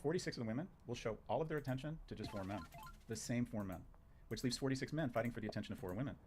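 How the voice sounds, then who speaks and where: Man, guest, very fast, emphatic, punchy, faint background noise. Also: medium pitch, darkish tone. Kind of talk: opinionated conversation.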